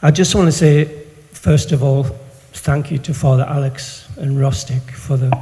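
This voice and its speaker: A man's voice: medium pitch, fairly even intonation, moderate pace. A man from the United Kingdom, a charity worker, asking a heartfelt question from the audience. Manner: warm, emotional gratitude. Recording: reverberant conference hall.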